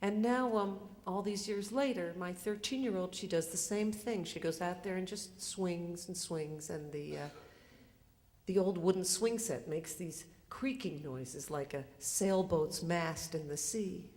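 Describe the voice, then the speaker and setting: A woman's voice: on the low side, unhurried, a little mellow. An older woman telling a personal story live on stage, in a conversational, self-mocking way with lots of fillers. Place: theater stage. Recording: live stage recording in a reverberant hall.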